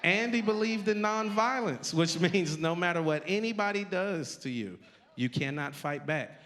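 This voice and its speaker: A man with a slightly high voice performs stand-up comedy on stage, brash and punchy. A faint hum of crowd ambience sits under his delivery. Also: normal speed, a bit bright. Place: live comedy venue with an audience.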